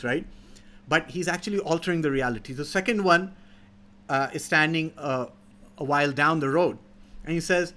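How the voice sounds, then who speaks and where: Animated male storyteller, fairly high voice. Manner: halting, many fillers, animated storyteller. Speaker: speaker in a youth teaching series. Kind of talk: storytelling moral talk.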